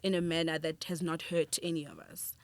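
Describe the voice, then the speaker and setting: A woman's voice: sits low, little pitch movement, a little fast, no echo. Woman guest, earnest and reflective, mid-range voice, dry close studio sound. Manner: earnest and reflective, many restarts, laughs easily. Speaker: guest, film director and screenwriter. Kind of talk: conversational podcast interview.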